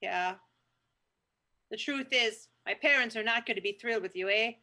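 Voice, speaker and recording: In an improv scene, a woman puts on a Canadian accent to play a talkative, indignant character who rambles on and tacks "eh" onto her lines. She speaks at normal speed with a fairly high, bright, forceful voice.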